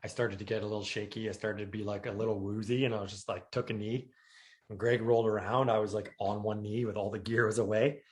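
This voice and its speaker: A man telling a personal story in casual chat, animated and acting out the people he quotes. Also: on the low side, quick pace. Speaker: storyteller recounting his crash.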